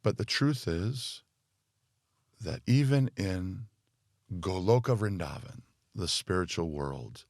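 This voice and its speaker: A man speaking as a podcast guest and spiritual teacher, thoughtful and full of fillers, growing more animated as he explains. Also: sits low, slow, creaky, pauses often, dry recording, clean studio sound. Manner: thoughtful, speaks in loose phrases with many fillers. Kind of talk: reflective podcast conversation.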